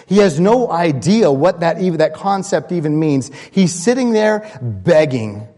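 A man pastor preaching a sermon, lively and building with excitement, often restarting his sentences. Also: on the high side, measured pace, long reverb tail.

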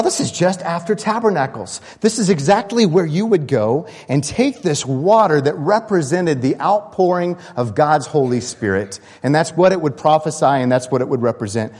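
A man's voice: a little high, husky. Man preaching in an echoey hall. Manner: lively, builds to excited imagining, many restarts. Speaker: pastor. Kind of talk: sermon.

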